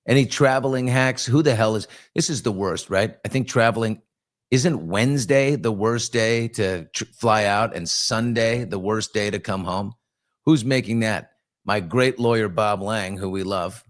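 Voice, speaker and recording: A middle-aged man hosting a casual live morning chat, telling lively stories and answering viewer comments. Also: lowish voice, a little slow. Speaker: host.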